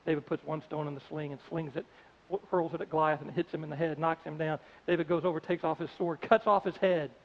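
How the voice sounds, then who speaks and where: A man preaches a sermon in a conversational, storytelling way, slipping into the voices of the characters as he goes. His voice sits high. The audio is dull, with a long reverb from a large church hall. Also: fairly even intonation, fast talker, a little hiss or hum. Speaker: pastor.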